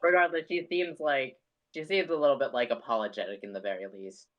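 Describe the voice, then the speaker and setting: A man's voice: medium pitch, steady tone, a little fast, muffled recording. Hesitant man playing a tabletop game. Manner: hesitant, filler-heavy, narrates his character in third person. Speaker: player. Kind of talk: tabletop game role-play.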